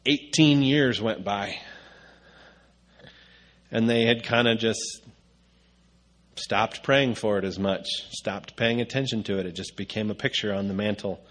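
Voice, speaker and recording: A man's voice: on the low side, fairly bright tone. A man preaching a conversational sermon, casual and rambling with frequent filler sounds.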